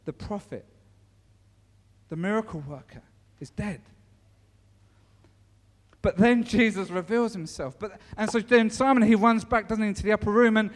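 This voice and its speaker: Man, preacher, informal sermon, chatty storytelling, high voice, long echoing reverb. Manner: conversational storytelling with many restarts.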